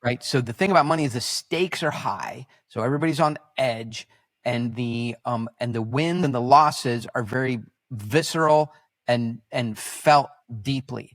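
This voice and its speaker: A man who is a podcast guest, telling stories in an animated, rambling way, with restarts. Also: mid-range voice, moderate pace, no room sound, studio quality. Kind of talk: casual conversational storytelling.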